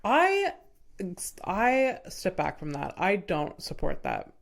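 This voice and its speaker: Woman, podcast host, casual chat, laughs often, drawn-out delivery. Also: lowish voice, vocal fry. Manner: giggly, animated retelling of movie scenes.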